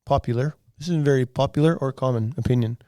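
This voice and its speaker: A man's voice: mid-range voice, quick pace, mellow, dry recording, studio quality. A man co-hosting a podcast, trading easygoing jokes in casual banter. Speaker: podcast co-host.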